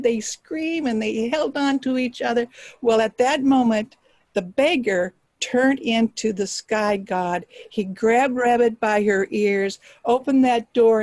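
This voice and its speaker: Woman, storyteller, folktale told aloud, higher voice, dry sound. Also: dry recording, poor audio. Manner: expressive, drops to hushed whispers for suspense. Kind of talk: live oral storytelling.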